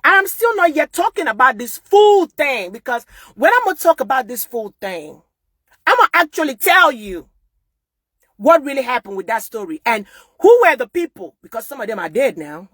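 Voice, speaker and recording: A woman with a Nigerian accent from Akwa Ibom, speaking out in an emphatic personal monologue that swings between loud outbursts and hushed, repeated oaths. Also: medium pitch, husky, no room sound. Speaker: vlogger speaking out.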